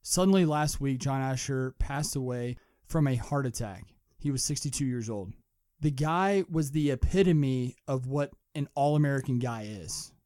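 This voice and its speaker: A young man from Kentucky hosting a sports podcast, giving an earnest, lively sports talk monologue. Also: medium pitch, no echo, clean studio sound. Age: young adult. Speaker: podcast host.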